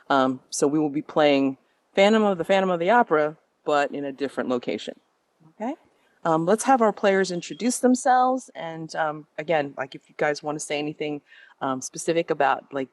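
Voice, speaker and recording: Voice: medium pitch, no room sound. Chatty game master full of ums. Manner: hesitant, many ums, chatty. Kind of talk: casual tabletop game narration.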